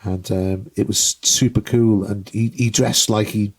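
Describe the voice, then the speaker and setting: Husky-voiced man telling lively stories. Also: on the low side, unhurried. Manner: animated storyteller who acts out the people in his stories, swears freely. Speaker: guest comedian and musician. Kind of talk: casual podcast chat, anecdote telling.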